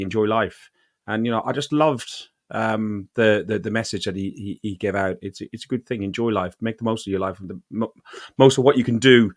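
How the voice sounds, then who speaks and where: Guy hosting a podcast, lowish voice, rambly chatty with lots of ums, dry close sound. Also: dry recording. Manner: rambling, chatty, with many fillers and restarts. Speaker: podcast host. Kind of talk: casual chat.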